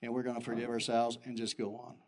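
An older man who is a pastor, giving an animated sermon full of personal stories that jump in pitch. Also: fast. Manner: animated storytelling with sudden pitch jumps and chuckles.

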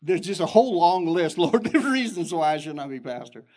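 An older man who is a pastor, giving an animated sermon full of personal stories that jump in pitch. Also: a little fast. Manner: animated storytelling with sudden pitch jumps and chuckles.

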